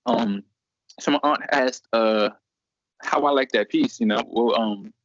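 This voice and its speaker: A man's voice: mid-range voice, measured pace. A young man in college telling a story casually, acting out the other people's voices. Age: young adult. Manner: animated, acts out voices in quotes. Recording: dry, dull lo-fi recording.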